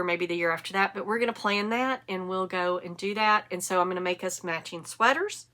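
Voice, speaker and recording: Bright-voiced chatty woman in her fifties. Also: medium pitch. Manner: chatty, rambling, self-correcting. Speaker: knitting podcast host. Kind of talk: casual chat to camera.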